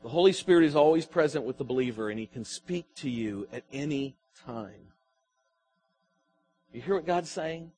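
A man's voice: a little high, expressive, normal speed, darkish tone, soft background music. A man preaching a sermon as pastor, his emphasis swelling and falling as he asks the congregation questions.

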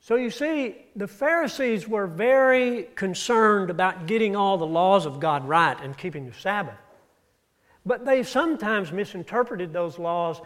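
Male preacher, slightly high voice, storytelling sermon delivery with rises and drops. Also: animated, a little slow, a bit bright. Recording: audio-only church recording.

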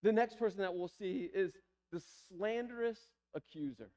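A male pastor preaching a sermon to his congregation, moving between soft pleading passages and emphatic repeated phrases. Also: high voice, moderate pace. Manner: pleading, building to emphatic repetition. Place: church sanctuary.

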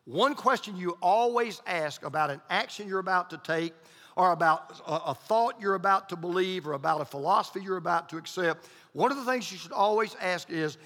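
A man's voice: high-pitched, animated, brisk, sharp tone. A male pastor preaching a sermon, emphatic and repeating his key points. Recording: long hall reverb.

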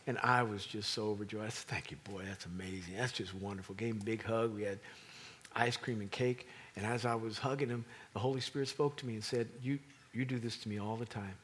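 A middle-aged man preaching a sermon, animated and rising to emphatic peaks. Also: fairly low pitch, fairly quick, slight background noise.

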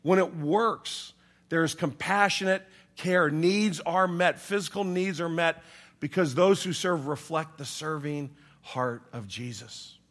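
A bright, slightly high-pitched man preaching to his congregation. He talks in a conversational way, acts out the voices he quotes, and swings from loud emphatic lines to quiet, hushed asides. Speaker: pastor. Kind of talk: sermon.

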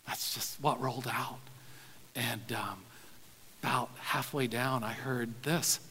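A man preaching a sermon, telling stories in a folksy way, sometimes quiet and sometimes animated. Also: medium pitch, moderate pace, a little hiss or hum. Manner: folksy, says y'all, soft-spoken then animated. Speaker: pastor. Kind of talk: sermon storytelling. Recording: long hall reverb.

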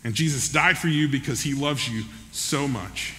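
A man voicing an elderly devout grandmother, soft, steady and firm, heard in a large reverberant hall. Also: on the high side, moderate pace, a little hiss or hum. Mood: gentle.

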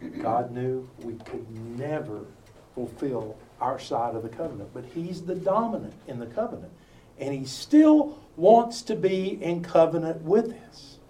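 Lively preacher in a roomy hall. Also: male voice, a little high, unhurried, slight background noise. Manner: animated storytelling with asides and jokes. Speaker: preacher teaching a Bible study. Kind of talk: sermon. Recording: roomy sound from far off with faint ambience.

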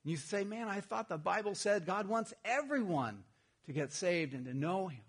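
A man's voice: high-pitched, expressive, moderate pace, husky. A man preaching a sermon, telling a humorous personal story and then addressing the congregation. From Texas. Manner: storytelling, self-deprecating humor. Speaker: pastor.

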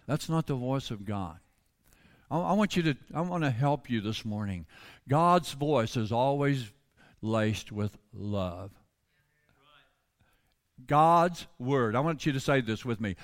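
Pastor preaching in a reverberant church. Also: male voice, medium pitch, animated, unhurried. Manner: builds from quiet teaching to loud, fervent preaching. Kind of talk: sermon. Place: church sanctuary.

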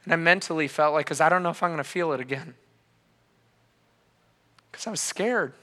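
A man in his thirties preaching a sermon as a pastor, telling his story passionately, dropping quiet and then rising loud. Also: fairly high pitch, brisk, big-room sound. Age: 30s. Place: church hall.

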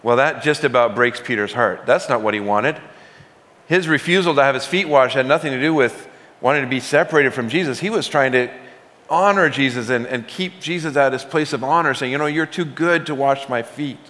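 A male pastor delivers a sermon in a relaxed, conversational way, leaning hard on key words for emphasis. His voice sits in an ordinary middle range. It rings out with the long reverb of a large sanctuary. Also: medium pitch, a little fast.

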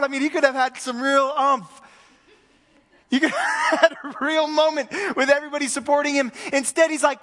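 A man, a pastor preaching a conversational sermon, swinging between loud emphasis and hushed moments. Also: very high voice, very animated, moderate pace, in a large hall.

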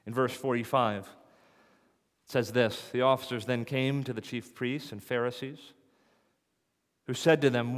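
A man's voice: medium pitch, fairly even intonation, unhurried, pauses often. Male pastor, sermon delivery, questioning style, mid-range voice, long church reverb. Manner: rhetorical questions, rising to emphatic peaks. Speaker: preacher. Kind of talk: expository sermon. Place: church sanctuary.

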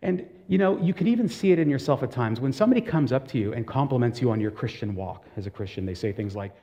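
A man's voice: mid-range voice, animated, quick pace, warm tone. A man preaching a sermon in a conversational way, asking the congregation direct questions and telling stories with casual asides. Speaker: pastor.

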